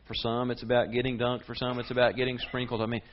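A man preaching a sermon as a pastor, conversational and lively, with big rises and drops in his voice. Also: fast, highs cut off, slight background noise. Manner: lively, conversational preaching with sharp swings in pitch and volume.

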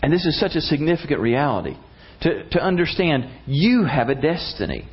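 A man preaching a sermon in a folksy, animated way, acting out the story as he goes. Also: a little high, brisk, breathy edge, muffled recording. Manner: folksy, animated, uses voices for characters. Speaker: pastor.

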